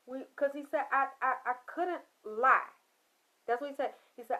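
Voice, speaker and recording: A woman host telling a story in an animated, emphatic way, quoting a man's words. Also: high-pitched, moderate pace. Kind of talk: storytelling monologue. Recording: dull lo-fi sound.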